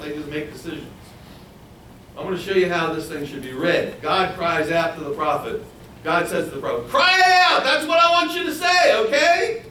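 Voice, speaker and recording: Animated preacher in an echoey room. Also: male voice, far from the mic, a little hiss or hum. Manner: animated, acts out quoted voices in a higher pitch. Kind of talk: sermon, Bible teaching.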